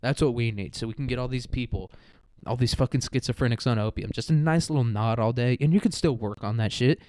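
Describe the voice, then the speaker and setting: A man's voice: medium pitch, fast, darkish tone, no room sound. A man rambling through a crude, profane comedic monologue, full of "like" and "dude". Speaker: podcast host.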